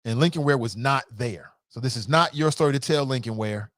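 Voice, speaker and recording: A man's voice: mid-range voice, fairly quick, a bit bright, dry recording, clean studio sound. A man hosting a talk show, telling a story in a casual, jokey way and acting out the quotes with voices. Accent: American.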